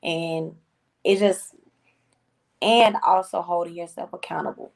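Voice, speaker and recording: A woman's voice: on the low side, fairly even intonation, unhurried, creaky. A woman musician as a podcast guest, talking casually and earnestly, repeating phrases and using slang. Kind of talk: casual interview talk.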